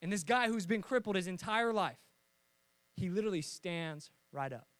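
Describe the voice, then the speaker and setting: A young adult man preaching a sermon, telling stories in a lively way and acting out voices with jokes. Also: sits high, moderate pace, clean tone, no echo. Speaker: pastor.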